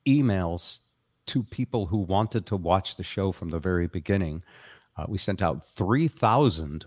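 A man's voice: fairly low pitch, no echo. An older man hosting a casual live-stream chat show, talking in a rambling, jokey, self-deprecating way. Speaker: show host.

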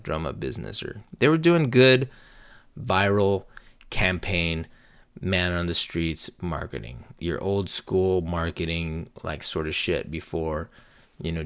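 Gravelly deep-voiced man in his forties. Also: a bit bright, no room sound, clean studio sound. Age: 40s. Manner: rambling, profane, laughing storytelling. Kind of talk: casual anecdote.

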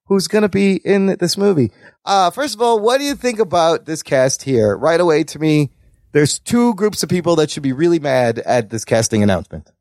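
A man's voice: on the high side, animated, normal speed, a little mellow, dry recording, studio quality. A man hosting a podcast in casual chat, joking and swearing freely. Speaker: podcast host.

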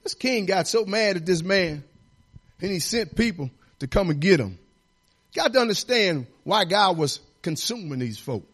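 A man's voice: sits high, sing-song, normal speed, fairly bright tone, slightly rough. A man pastor preaching a sermon in a folksy, repetitive, exhorting way, building emphasis as he goes.

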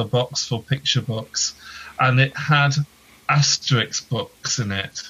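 A man's voice: medium pitch, fairly bright tone, dull audio. A man, a podcast guest chatting casually with dry, self-deprecating humour. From England. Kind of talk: casual interview chat.

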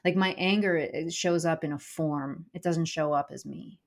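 A woman's voice: low voice, fairly even intonation, moderate pace. A young adult woman, a comedian and speaker, talking candidly in a podcast interview and swearing casually. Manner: candid, swears casually, acts out inner voices. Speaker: guest, comedian and keynote speaker.

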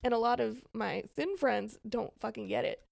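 Podcast co-host, young woman, heavy vocal fry, lively storyteller who laughs a lot. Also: on the high side, normal speed. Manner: animated storytelling, laughs often. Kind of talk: casual chat.

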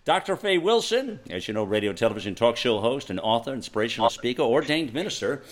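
A man hosting a talk radio show, teasing his co-host in playful banter. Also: medium pitch. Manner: teasing, animated, drawn-out.

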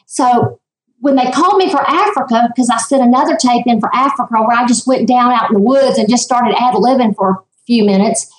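High-pitched woman in her fifties, emphatic and animated guest, roomy echo around her voice on the line. She tells stories with lively emphasis and speaks in a high voice. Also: a little fast. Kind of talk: casual interview chat.

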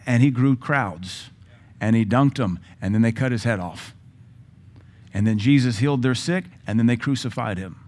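A man's voice: medium pitch, moderate pace, a little mellow. Blunt sarcastic Southern preacher man. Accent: Southern American. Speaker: pastor. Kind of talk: sermon.

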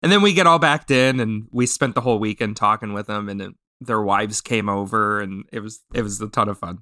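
A man's voice: lowish voice, fairly quick, bright, forceful tone, no room sound, clean studio sound. A man hosting a podcast, chatting casually and telling stories with many restarts and fillers. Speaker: podcast host.

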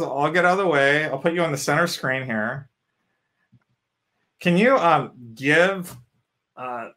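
A man's voice: medium pitch, sharp tone. A man hosting an interview, talking in a chatty, upbeat way full of "you know" and "um" fillers. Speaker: show host. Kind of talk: casual interview chat.

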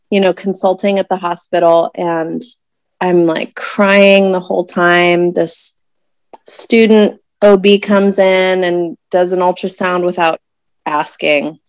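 A woman in her thirties telling a personal story in conversation, emotional and searching, with many pauses and fillers. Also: on the low side, dry recording. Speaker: guest telling a birth story.

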